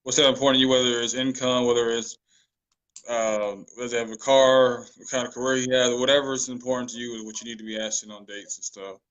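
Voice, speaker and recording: A man joining a casual relationship-advice talk, speaking in a relaxed, measured way. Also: medium pitch, highs cut off.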